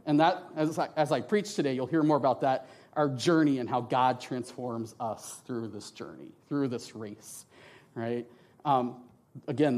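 A man preaching a sermon with slides in a church, talking in a conversational way, often tagging his sentences with "right?" and acting out the voices in his quotes. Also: a little high. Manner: lively, animated, acts out voices in quotes. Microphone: handheld mic.

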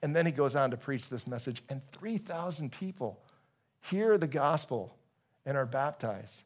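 A man's voice: medium pitch, expressive, moderate pace. A male pastor preaching a casual, joking sermon to his congregation, with many restarts.

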